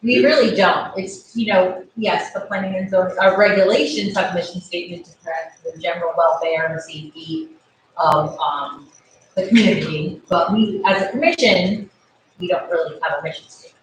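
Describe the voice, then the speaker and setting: A woman on a town planning commission talking through a survey in a halting way, with many fillers and restarts. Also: on the low side. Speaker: planning and zoning commission member. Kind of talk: casual meeting discussion. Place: town meeting room. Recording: very echoey room, distant mic, faint noise.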